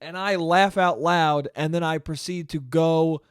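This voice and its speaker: A young man with a somewhat high voice talks straight into a close mic in a dry, deadened room. He hosts a solo podcast, rambling through stories in a loose, animated way. Swearing comes often and casually. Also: measured pace, smooth, dry recording. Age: young adult. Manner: profane, animated storytelling. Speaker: podcast host.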